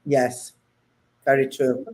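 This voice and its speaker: A woman's voice: a bass voice, level tone, slow pace, a little mellow. A woman hosting a casual chat, speaking earnestly and moralizing. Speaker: host.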